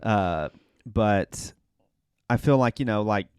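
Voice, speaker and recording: Deep-voiced, reflective man on a faith podcast. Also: darkish tone, smooth, no echo. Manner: reflective, halting, many fillers and self-corrections. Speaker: podcast co-host. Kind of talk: casual faith discussion.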